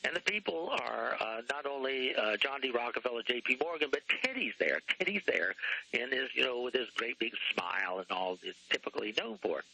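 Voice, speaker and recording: A man talking as a guest author on a radio talk show, rambling, often clearing his throat and spelling out names letter by letter. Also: medium pitch, lively intonation, fairly quick, sharp tone, no room sound, poor audio.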